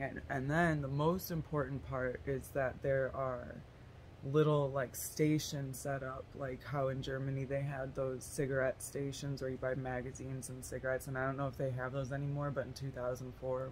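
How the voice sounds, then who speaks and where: A woman's voice: a bass voice, a little mellow, a little hiss or hum. A woman rambling through a silly story idea in a casual monologue, giggling, swearing and losing her train of thought. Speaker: tarot vlogger.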